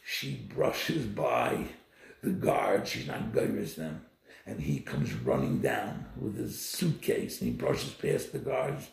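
Man, Torah lesson, emphatic storytelling, lively swooping pitch, rough gravelly voice. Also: slow pace. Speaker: Torah teacher. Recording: echoey room.

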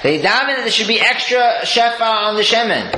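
A man delivers a Torah talk in a bright, lively voice, jumping high and dropping low as he tells his story. The room is echoey a faint hiss behind him. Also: brisk. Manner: animated storyteller, swings between high exclaims and low murmurs. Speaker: rabbi giving a Torah talk. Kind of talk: sermon.

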